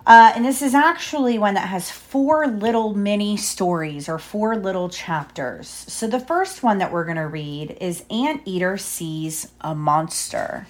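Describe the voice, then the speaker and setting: A mother reading a picture book aloud to her child, pausing to explain pages and ask questions. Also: medium pitch. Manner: stops to explain and quiz the child.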